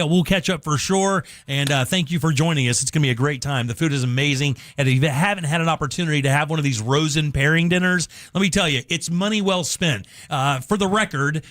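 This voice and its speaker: A man's voice: a little high, fairly bright tone, no echo, clean studio sound. A man hosting a casual radio talk show in a loose, rambling, enthusiastic way. He is from the United States. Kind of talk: casual chat.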